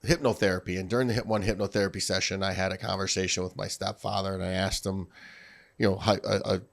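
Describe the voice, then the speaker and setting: Male interview host, thoughtful and searching, low-pitched, talks openly about himself. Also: fairly even intonation, quick pace, gravelly. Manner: reflective, asks long probing questions. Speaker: podcast host. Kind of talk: conversational interview.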